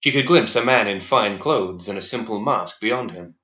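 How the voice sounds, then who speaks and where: A man reading a dark story aloud in a measured, even storytelling voice. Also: lowish voice. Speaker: narrator. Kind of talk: scripted audiobook narration. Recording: echoey, slightly dull recording.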